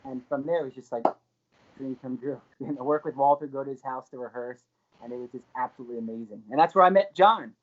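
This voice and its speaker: A man guest on a podcast, telling an anecdote in a lively way and laughing along as he goes. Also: mid-range voice, fast, narrow, tinny audio. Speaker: guest, actor.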